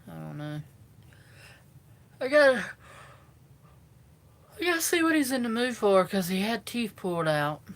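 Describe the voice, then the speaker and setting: A woman's voice: mid-range voice, sing-song, measured pace, long pauses. Chatty Southern woman on a phone. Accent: Southern US, South Carolina. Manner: chatty, rambling, easygoing. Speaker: vlogger. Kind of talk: casual live chat with viewers.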